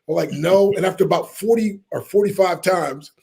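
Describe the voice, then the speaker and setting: A middle-aged man, a motivational speaker telling a lively story in an interview and acting out the people in it. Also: high voice, normal speed, gravelly, slightly rough. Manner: animated storyteller, acts out quoted voices, laughs often.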